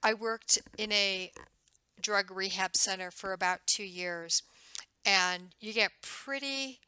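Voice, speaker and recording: A woman's voice: mid-range voice, pushed and bright, clean tone, no room sound, poor audio. A woman instructor giving a recorded lecture in a conversational way, acting out the questions she would ask patients. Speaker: nursing instructor.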